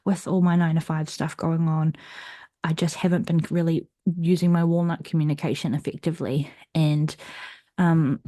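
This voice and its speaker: A young adult woman hosting her own podcast, talking candidly and at length about her week, with restarts and soft laughs. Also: sits low, flat delivery, normal speed, no echo, clean studio sound. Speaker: podcast host. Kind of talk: personal confessional monologue.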